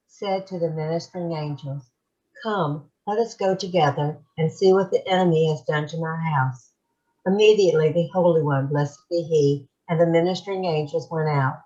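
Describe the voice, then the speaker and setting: A woman with a low voice reads an ancient text aloud to a study group. She reads measuredly and carefully. The audio is muffled and lo-fi. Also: normal speed, a little mellow. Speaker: class participant reading aloud.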